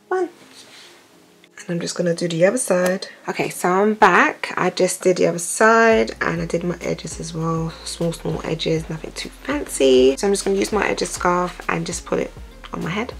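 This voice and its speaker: A young hair vlogger talks into her phone at home, chatting casually through a hair tutorial step by step in a relaxed way. Her voice is on the low side and creaky.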